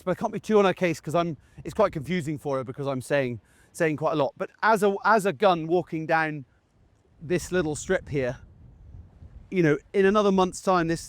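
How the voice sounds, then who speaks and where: A man's voice: medium pitch, dry recording. A man who trains gundogs explains his commands in a chatty way while working his dog outdoors in a field, breaking off to call short commands to the dog. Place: outdoors in a field beside a game crop.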